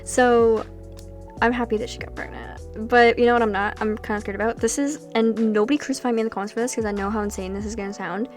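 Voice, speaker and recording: A young woman chatting casually over her gameplay, rambling from one thought to the next with animated asides. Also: fairly high pitch, fast talker, soft background music. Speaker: Sims gameplay creator.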